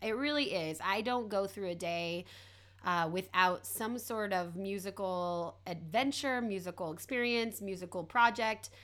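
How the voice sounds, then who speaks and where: A woman's voice: medium pitch, measured pace. A woman co-hosting a podcast in casual chat, speaking with a slight lisp. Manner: relaxed, musical, talks of singing. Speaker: podcast co-host.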